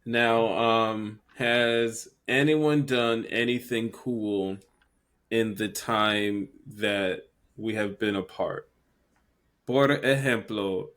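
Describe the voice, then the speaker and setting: A man co-hosting a podcast in a playful, teasing way, quick to laugh as he asks questions and tells stories. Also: on the low side, a bit bright. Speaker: podcast co-host. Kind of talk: casual chat.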